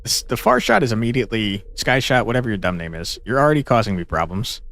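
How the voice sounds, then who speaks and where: A man commenting on a game he is playing, talking in a joking, sarcastic, animated way. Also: medium pitch, fast. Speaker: gaming channel host. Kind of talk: let's play commentary.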